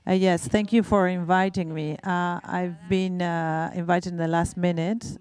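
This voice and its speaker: A woman from Spain with a Spanish accent, speaking English as a second language while answering on a panel as a bank operations executive. She talks haltingly, with fillers and self-corrections. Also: fairly low pitch, flat delivery, darkish tone, smooth.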